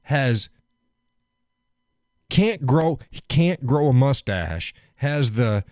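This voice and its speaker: A man's voice: mid-range voice, expressive, takes it slowly, mellow, no room sound, clean studio sound. A man hosting a live stream, chatting casually, joking, laughing often and getting worked up as he rants.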